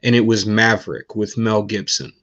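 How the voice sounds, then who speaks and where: A man hosting a podcast, chatting in a relaxed way and agreeing along with his guest. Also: lowish voice, moderate pace. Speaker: podcast host. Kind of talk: casual chat. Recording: muffled lo-fi audio.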